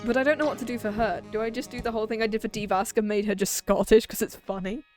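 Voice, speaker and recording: A British woman in her twenties chats casually through a game stream, joking and voicing the dialogue. Her voice sits a little high, with faint music under it. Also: steady tone, fast talker. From Britain. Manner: chatty, joking, reads game lines in voices. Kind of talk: casual gameplay chat, reading dialogue aloud.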